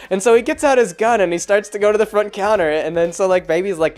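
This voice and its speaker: A man's voice: high voice, fast talker, few pauses, darkish tone, faint music behind. A man hosting a vlog in loose, rambling casual chat, full of filler words and chuckles. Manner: chuckles as he talks. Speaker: vlog host.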